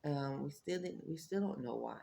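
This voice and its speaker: A woman recording a casual morning video diary in her apartment, just woken up with her voice lower than usual, talking haltingly with many ums and restarts. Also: expressive, vocal fry, dark tone, slight background noise. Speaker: vlogger. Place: apartment room with window open.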